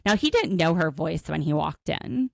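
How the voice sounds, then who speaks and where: A woman's voice: low voice, normal speed, creaky, no echo. A woman co-hosting a podcast, recapping a reality show in casual chat and acting out the cast's lines as she tells it. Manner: animated storytelling, acts out quotes. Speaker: podcast co-host.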